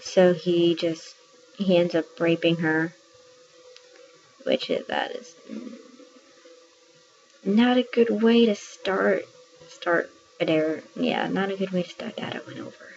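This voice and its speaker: A woman's voice: lowish voice, steady tone, slow, vocal fry, pauses often, darkish tone. A woman casually reviewing a book, retelling scenes in a chatty way with plenty of fillers. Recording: dull lo-fi audio with faint noise.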